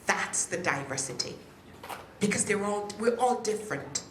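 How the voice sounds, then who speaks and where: A woman's voice: mid-range voice, expressive, moderate pace, noisy background. A woman giving a speech to an audience at a peace event, engaging them with questions. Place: hotel function room. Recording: echoey room.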